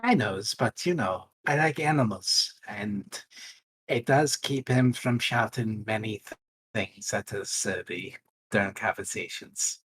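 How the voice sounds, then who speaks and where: A man's voice: lowish voice, measured pace, a bit bright, slightly rough, poor audio. A man voicing a folksy druid adventurer who talks in broken grammar, careful and curious. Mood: casual.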